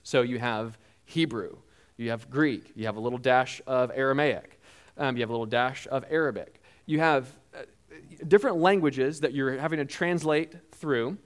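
A man preaching a sermon, telling a personal story in a halting way with frequent restarts and acting out quoted lines. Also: a little high. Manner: animated storyteller who acts out quoted lines.

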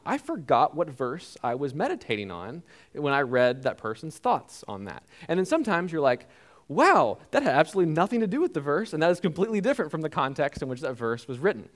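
A man preaching a sermon in a conversational, animated way, with frequent filler words. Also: medium pitch. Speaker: pastor.

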